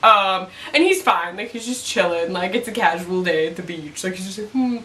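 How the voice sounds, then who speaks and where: A chatty young woman recaps a TV episode in a loose, giggly way, full of "like" fillers. Her voice is bright and sharp. She sits a little back from the mic in an echoey room. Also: on the low side, brisk, recorded from a distance, slight background noise. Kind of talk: casual recap chat.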